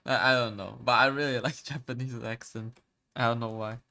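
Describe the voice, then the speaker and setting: A man's voice: medium pitch, steady tone, a little fast, vocal fry, bright, forceful tone. Hesitant man chatting on a stream. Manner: hesitant, stammering, searching for words. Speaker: art streamer. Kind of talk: casual live-stream chat.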